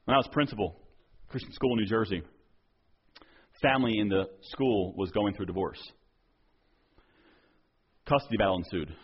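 A male pastor preaching a sermon earnestly, acting out quoted dialogue and dropping softer on key points. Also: fairly low pitch, husky, dull audio.

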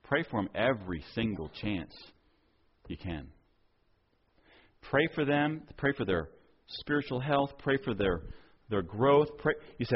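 A male pastor preaching a sermon earnestly, acting out quoted dialogue and dropping softer on key points. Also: medium pitch, expressive, a little slow, long pauses, breathy edge, highs cut off.

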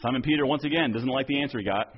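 A male pastor preaching a sermon earnestly, acting out quoted dialogue and dropping softer on key points. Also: mid-range voice, very fast, husky, highs cut off.

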